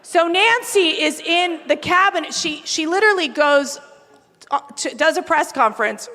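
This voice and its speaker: Animated high-voiced woman in a hall. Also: a little fast. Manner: animated, emphatic, builds to rousing calls. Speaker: speaker at a political event. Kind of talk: storytelling speech to a crowd. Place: event venue before a crowd. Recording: reverberant event hall.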